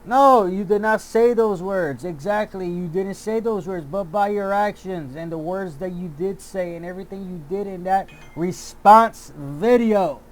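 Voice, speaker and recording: A man's voice: high voice, unhurried, few pauses. A man delivering a heated, profane commentary rant, often repeating himself and restarting his sentences. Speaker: YouTube commentator. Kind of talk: angry ranting commentary.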